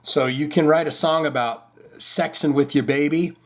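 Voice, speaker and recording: A man's voice: a little high, steady tone, moderate pace. A man hosting a rock and metal news podcast, chatting casually and rambling with lots of fillers and restarts. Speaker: podcast host.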